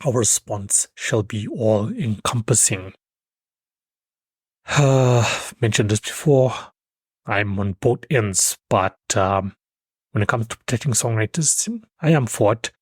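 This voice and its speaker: A man hosts his own podcast, offering solo commentary in a lowish voice at a measured pace with no echo. He talks loosely and emphatically, full of fillers and restarts.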